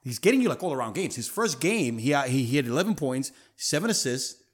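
A man hosting a sports talk show, his pitch swinging up and down as he makes his points. He talks emphatically and leans on casual slang. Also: fast, husky. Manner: animated, emphatic, street slang. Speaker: podcast host.

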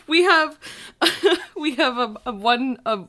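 A woman's voice: high-pitched, animated, extremely slow, a bit bright. A woman chatting casually as a player in a tabletop game, giggly and full of questions.

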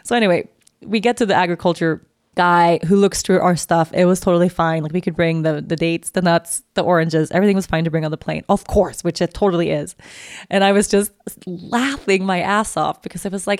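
Casual podcast host, young woman, lively and chatty, some vocal fry, close dry sound. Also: on the low side, a little fast, no echo. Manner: chatty, animated, heavy use of "like". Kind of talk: casual storytelling monologue.

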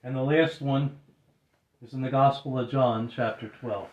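An earnest male preacher delivers a sermon at a measured pace, his voice sitting in a middle register. He drops to a hush when he quotes scripture. The sound is roomy, with a clear echo around him. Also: mid-range voice, steady tone, muffled recording. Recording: roomy echoing hall.

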